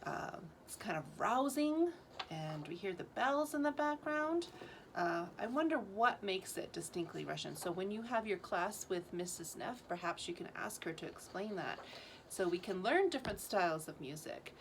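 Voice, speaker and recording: A woman's voice: mid-range voice, animated, moderate pace, slight background noise. Teacherly woman leading school announcements. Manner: teacherly, asks students questions.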